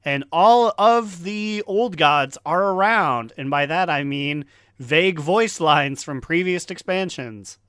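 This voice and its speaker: A man's voice: on the high side, takes it slowly, fairly bright tone, smooth, no echo, clean studio sound. A man co-hosting a podcast, talking animatedly about a video game, laughing often and swearing casually. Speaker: podcast co-host. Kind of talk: casual gaming chat.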